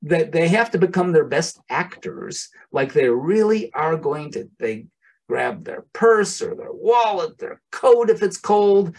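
A man's voice: fairly high pitch, darkish tone. A man presenting a lecture to professionals in a conversational, plain-spoken way with asides. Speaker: presenter, animal behavior consultant.

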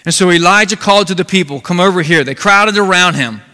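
A man preaching a sermon as pastor, telling a Bible story in an animated way and briefly acting out the characters. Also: high voice, fast. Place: church sanctuary. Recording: long reverb of a large hall.

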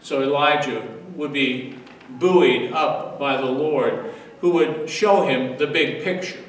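Older pastor, echoey and distant. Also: male voice, medium pitch, takes it slowly, a little hiss or hum. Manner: earnest storytelling with repeated phrases. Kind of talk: daily devotional sermon. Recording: echoey room, distant mic.

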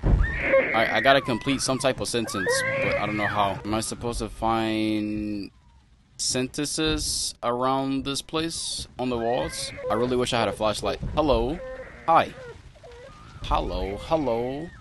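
Young man, horror game commentary, jumpy, very lively pitch, medium voice, music behind. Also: measured pace, noisy background. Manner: jumpy, thinks aloud, talks to viewers, yelps when startled. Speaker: gaming channel host.

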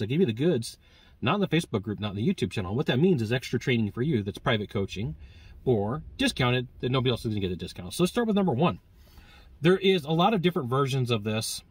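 A man teaching sales negotiation in a lively, conversational way, acting out bits of dialogue with customers. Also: medium pitch, breathy edge, no echo. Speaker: sales trainer. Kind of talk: direct-to-camera sales coaching.

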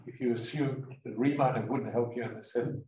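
A man in the audience asking the lecturer quick, probing questions at a seminar. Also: mid-range voice, steady tone, a little mellow. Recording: distant voice in echoey room.

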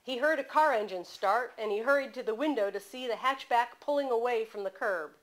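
A woman author reading aloud from her mystery novel at a bookstore, in steady storytelling narration. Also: a little high, a little fast, low-quality recording.

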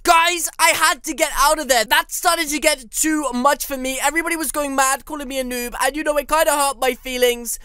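A woman giving excitable, playful gameplay commentary, melodramatic and mock-indignant. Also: sits high, brisk, few pauses, dry recording, faint music behind. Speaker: gaming YouTuber.

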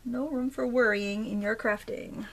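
Here a high-leaning, steady female voice takes its time as she demonstrates a craft at home. She's from Maine, with a light accent, and she's chatty and jokey, thinking aloud as she works through the tutorial.

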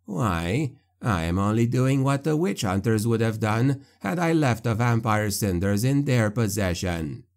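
A man voicing a scheming, condescending male necromancer, low and slow with mocking menace. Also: lively intonation, a little mellow.

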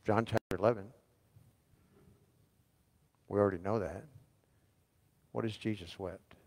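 A pastor preaches in a church sanctuary, calling on the congregation to respond and repeat verses after him, with long hall reverb filling the recording. His voice is fairly low and darkish, with vocal fry and a fairly even intonation, and he takes an unhurried pace.

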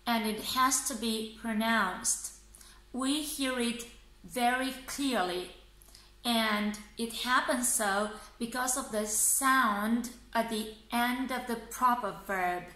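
A woman's voice: fairly high pitch, pushed and bright. A woman teaching pronunciation, saying each word twice and checking in with "yeah?". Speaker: English teacher. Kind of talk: slow, careful pronunciation lesson. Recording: echoey room.

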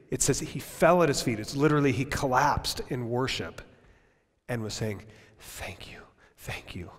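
A male pastor preaching a sermon at a church service, impassioned, swinging from loud emphasis down to near-whispers. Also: on the high side, slightly rough, big-room sound.

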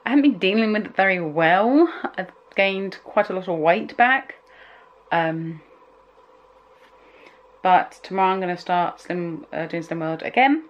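A woman's voice: fairly low pitch, normal speed, muffled recording. A young woman chatting casually at home for her vlog, rambling and emotional, often trailing off mid-thought. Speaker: vlogger.

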